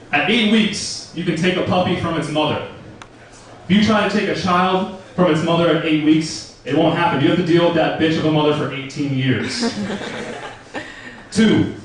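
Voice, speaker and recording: A man's voice: fairly high pitch, far from the mic. A young man doing a stand-up comedy set in a club, telling stories in a crude, profane, casual way. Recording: roomy club recording from afar.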